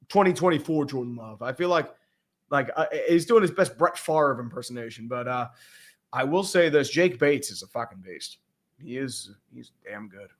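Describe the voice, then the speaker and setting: A man hosting a casual sports livestream, talking in a blunt, rambling, profanity-heavy way. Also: on the high side. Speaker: podcast host.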